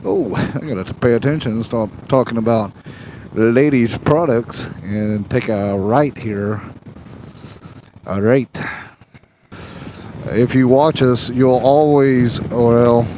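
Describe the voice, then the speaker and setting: A man's voice: mid-range voice, slow pace, pauses often, darkish tone, low-quality recording. A man, rambling and joking as he rides his motorcycle and vlogs. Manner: joking, chatty, wanders off topic. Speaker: motorcycle travel vlogger. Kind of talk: rambling chat while riding. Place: on a motorcycle on the road. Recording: engine and road noise. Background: motorcycle engine and traffic.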